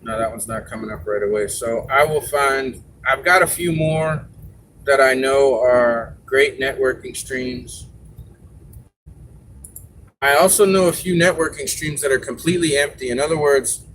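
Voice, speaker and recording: A man's voice: mid-range voice, unhurried, a bit bright, a little hiss or hum, rough recording. A man hosting a live stream, chatting casually and giving advice, rambling a little with fillers.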